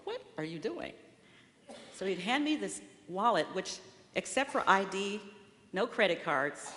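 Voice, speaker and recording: A woman in her sixties giving a sermon as guest speaker in a church sanctuary, telling a personal story in an expressive storytelling way. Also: fairly low pitch. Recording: long reverberant hall.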